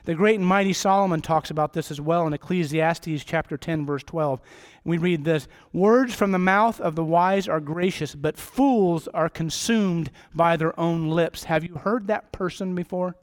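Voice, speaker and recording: High-voiced man preaching a sermon. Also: normal speed. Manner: rambling, self-deprecating, jokey asides. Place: church.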